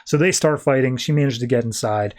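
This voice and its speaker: A man hosting a podcast, casually recapping a comic in a loose, slangy way with quick voiced asides. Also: medium pitch, a little mellow. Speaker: podcast host.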